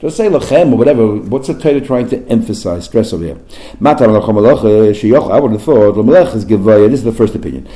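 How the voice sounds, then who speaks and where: A man teaching a Talmud class, explaining in quick bursts with frequent restarts and Aramaic terms mixed into English. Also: lowish voice, lively intonation, dark tone, low-quality recording.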